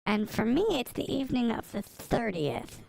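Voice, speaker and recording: A woman casually chatting on a livestream while she draws. She answers chat and mutters softly to herself as she works, speaking into a desk microphone beside her drawing tablet. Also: on the high side, sing-song, moderate pace, gravelly, low-quality recording. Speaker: streamer drawing live. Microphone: desk mic by a drawing tablet.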